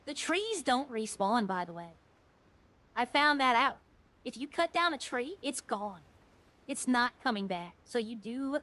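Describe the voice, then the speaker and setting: A woman's voice: on the high side, a bit bright, poor audio. A woman streamer chatting casually while playing a game, rambling and earnest, often restarting her sentences.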